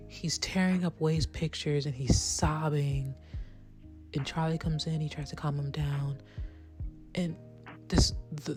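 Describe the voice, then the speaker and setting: A woman's voice: low voice, a little mellow. A woman chatting casually as she recaps a TV series, peppering her talk with "right?" and the odd swear word, over faint background music. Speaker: show reviewer.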